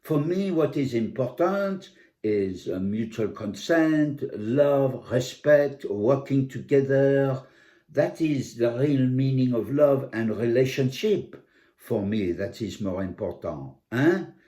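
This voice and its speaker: A man, medium-pitched and taking it slowly, voices an excitable middle-aged Frenchwoman. She has a heavy French accent and broken English word order, sounds animated and indignant, and slips in French fillers.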